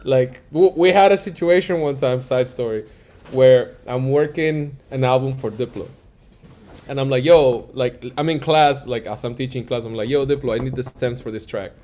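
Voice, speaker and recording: This is a man, a music producer, spinning animated anecdotes in a laid-back interview, speaking at a medium pace in a mid-range voice. He voices the quotes he's recounting and leans heavily on "like" and "yo."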